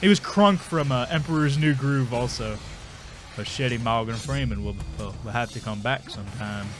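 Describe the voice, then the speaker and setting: A man's voice: medium pitch, moderate pace, over music. A man with a congested voice giving casual, rambling, self-mocking commentary while playing a video game. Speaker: gameplay commentator. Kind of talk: casual let's play commentary.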